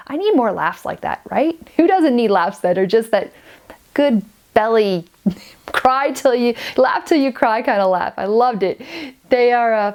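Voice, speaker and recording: A woman's voice: on the high side, darkish tone. A woman in her forties, sniffly with a cold, chatting to camera as a knitting podcaster, gushing and rambling with many restarts. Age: 40s. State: stuffy and sniffly. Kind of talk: casual chat to camera.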